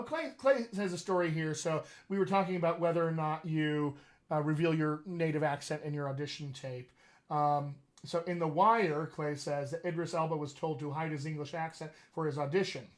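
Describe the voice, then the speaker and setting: A man hosting a live question-and-answer session as a dialect coach, speaking in a chatty, animated way and often laughing. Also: on the high side, moderate pace. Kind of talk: casual live-stream chat.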